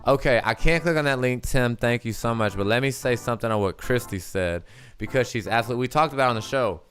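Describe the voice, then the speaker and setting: A man's voice: medium pitch, fast talker, a bit bright, faint music behind. A man co-hosting a casual livestream chat, joking loosely and swearing often. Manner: loose, profane, joking banter. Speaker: co-host.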